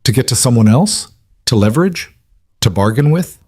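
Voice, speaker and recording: A man voicing a protective single-dad janitor who speaks quietly, flat and cold. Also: medium pitch, normal speed, slightly rough, dry recording, pitched above the performer's own voice.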